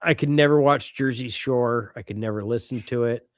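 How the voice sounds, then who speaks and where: A middle-aged man co-hosting a podcast in casual chat, animated and quick to swear and laugh. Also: mid-range voice, no room sound, studio quality. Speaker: podcast co-host.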